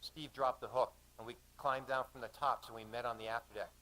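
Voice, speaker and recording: Man poet, mid-pitched, measured vivid spoken-word storytelling, live cafe reading. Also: fairly even intonation, sharp tone, poor audio.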